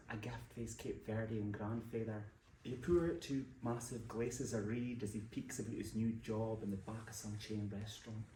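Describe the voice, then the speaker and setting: A Scottish man giving a live poetry reading, with an animated, dramatic delivery. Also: mid-range voice, slight background noise. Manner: animated, dramatic delivery with big swings in loudness. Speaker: poet reading his work. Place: library event room. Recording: roomy hall sound from a distant mic, faint ambience.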